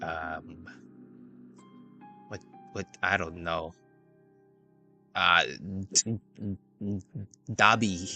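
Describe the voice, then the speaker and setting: Playful rambling male streamer. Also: lowish voice. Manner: playful, rambling, self-mocking. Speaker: VTuber streamer. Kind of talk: casual game stream chatter. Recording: game music playing behind.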